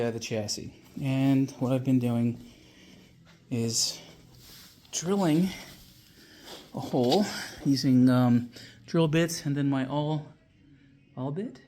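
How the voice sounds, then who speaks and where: A man talks through his restoration project in a loose, rambling way, filling pauses with ums and letting the odd curse slip. His voice sits at an ordinary middle pitch, and he sounds slightly winded after an illness. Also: dark tone. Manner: rambling, frequent fillers, casual swearing. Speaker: car restoration vlogger. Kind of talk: casual workshop walkthrough.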